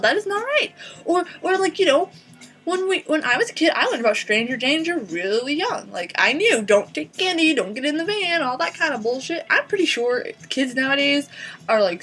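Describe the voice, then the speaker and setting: A woman's voice: high-pitched, fairly bright tone. A young woman vlogger ranting sarcastically and profanely, exasperated and blunt. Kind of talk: ranting vlog.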